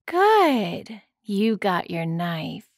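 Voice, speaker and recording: A man voicing a sing-song, mocking female killer who taunts her prey slowly in a high voice. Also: big pitch swings, no room sound, studio quality, exaggerated voice. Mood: taunting.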